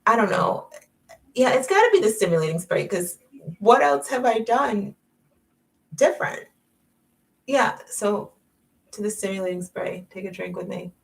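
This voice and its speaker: A woman's voice: medium pitch, animated, measured pace, vocal fry, long pauses, far from the mic, rough recording. A middle-aged woman coach chatting casually at home on a live stream, self-mocking and often laughing, then reading from her own book. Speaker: life coach and author. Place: at home at night.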